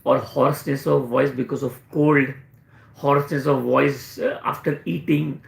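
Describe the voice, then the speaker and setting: A man's voice: medium pitch, fairly even intonation, a little slow, vocal fry, reverberant. A man with an Indian English accent, a homeopathic doctor answering questions and teaching in a live session, explaining with repeated emphasis.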